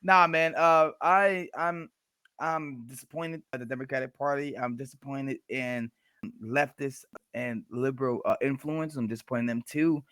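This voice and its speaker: A man co-hosts a casual podcast in a mid-range voice with fairly even intonation, a normal pace, and a fairly bright, clean tone. He talks in a laid-back, blunt, repetitive way, and the studio sound is clean with no room sound.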